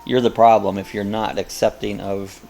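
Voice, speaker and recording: A man's voice: fairly low pitch, flat delivery, moderate pace, creaky, mellow, soft background music. An older man hosting a casual live chat, rambling and chuckling as he reads viewer comments aloud. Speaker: host of a live coffee chat.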